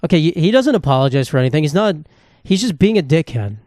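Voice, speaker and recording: A man talks solo into a podcast mic, ranting profanely and looping back on himself with many restarts. His voice sits a little higher than usual for a man. The sound is close and dry. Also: big pitch swings, fast, a little mellow, dry recording. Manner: profane, rambling rant with restarts. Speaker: podcast host. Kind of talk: casual comedic monologue. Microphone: podcast microphone.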